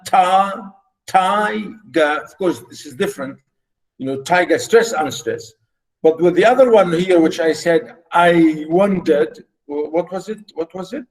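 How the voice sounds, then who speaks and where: Slow, high-voiced man lecturing on a call. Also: rough recording. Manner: rambling, repeats himself with many fillers. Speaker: university literature lecturer. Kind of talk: online lecture on poetic meter. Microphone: video call.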